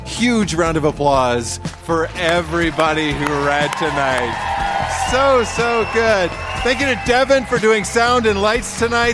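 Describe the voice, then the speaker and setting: High-voiced man hosting a live show. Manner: upbeat, thanking people, calling out to the crowd. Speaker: host. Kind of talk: closing announcements at a live show. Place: live theatre stage.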